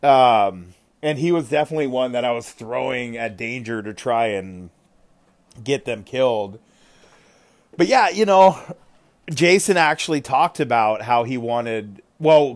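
A man hosting a casual podcast chat, talking in an animated way with frequent fillers and exclamations. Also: medium pitch, unhurried.

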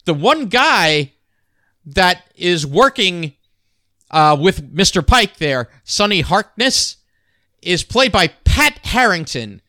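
A man's voice: sits high, very animated, slow, bright, forceful tone, no room sound, studio quality. A man co-hosting a podcast in casual chat, hesitant with fillers and full of trivia. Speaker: podcast co-host. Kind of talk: casual chat about old sitcoms.

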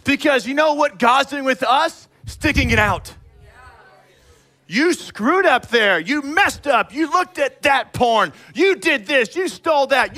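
High, bright-voiced animated preacher man. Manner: animated and emphatic, acting out people in quick asides; direct, calls out the congregation. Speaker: pastor. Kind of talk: sermon.

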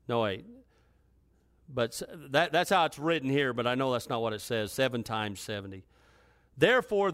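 A man, a pastor, preaching a sermon and reading scripture aloud. His pitch rises when he exhorts the congregation. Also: smooth, no echo, studio quality.

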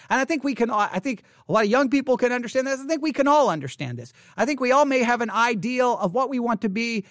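A man's voice: sits high, fairly bright tone, no room sound, studio quality. A man casually talking through a song's lyrics, reflective and hesitant, with frequent restarts and fillers. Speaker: song commentator. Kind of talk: casual spoken lyric interpretation.

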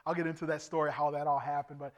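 A man in his forties preaches his own testimony as an evangelist at a church service. His voice sits a little higher than most men's. He tells the story earnestly, slipping into the voices of the people in it. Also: flat delivery, rapid-fire. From Indiana, USA. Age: 40s. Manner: earnest storytelling, acts out dialogue.

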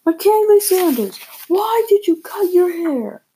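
A woman voicing a strict, angry mother who scolds her child slowly and loudly in a high voice. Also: animated, a little hiss or hum, exaggerated voice. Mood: scolding. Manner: loud, slow, shrill scolding.

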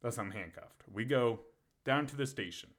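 A man's voice: medium pitch, animated, normal speed, a bit bright. A man co-hosting a podcast, telling a story in a casual, profane way and laughing often. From Pennsylvania. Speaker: podcast co-host.

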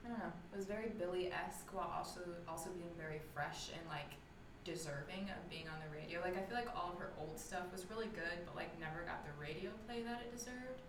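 A woman's voice: on the low side, fast talker. A young woman in casual chat who shares opinions with enthusiasm and meanders as she goes. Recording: distant mic in an echoey room with clear noise.

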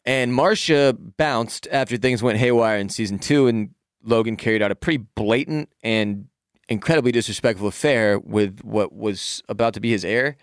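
A man co-hosting a podcast in casual chat, opinionated and animated, cutting in on his partner. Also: on the low side, normal speed, clean tone, no room sound, studio quality. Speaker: podcast co-host.

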